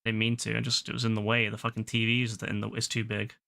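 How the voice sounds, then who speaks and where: A man streaming a game live, chatting to his viewers in an excitable, slangy way and swearing casually. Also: on the low side, quick pace, creaky.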